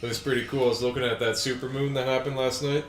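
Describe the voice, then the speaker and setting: A young man talks in a relaxed, enthusiastic way on a casual podcast. His voice sits in the middle range. The room around the table mic is echoey, with faint music in the background. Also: mid-range voice, quick pace. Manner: laid-back, enthusiastic storyteller. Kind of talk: casual chat. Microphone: table microphone.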